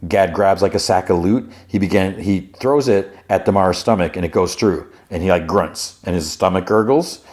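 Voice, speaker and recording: A low-voiced man talks through a TV episode on his podcast in an easygoing, rambling way. He restarts his sentences often and jumps into higher, playful voices whenever he quotes a character. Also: moderate pace, hardly any pauses, darkish tone. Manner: slips into raised-pitch voices for quoted characters. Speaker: podcast host recapping a TV episode. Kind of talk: casual recap with acted quotes.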